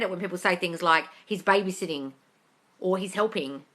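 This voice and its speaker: A young woman hosts a casual phone livestream, answering viewer questions in a bright, sharp voice. She talks in an animated, blunt way and swears freely. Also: on the low side, moderate pace. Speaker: manifesting coach hosting a live Q&A. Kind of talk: casual livestream chat reading viewer comments. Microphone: phone mic on a social media live stream.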